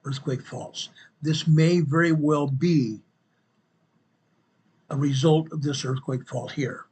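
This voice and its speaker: Emphatic, husky-voiced man. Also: fairly high pitch, steady tone, takes it slowly, pauses often, darkish tone. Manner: emphatic, repeats phrases for stress; addresses viewers directly as folks and guys. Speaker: host. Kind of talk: casual commentary over a map.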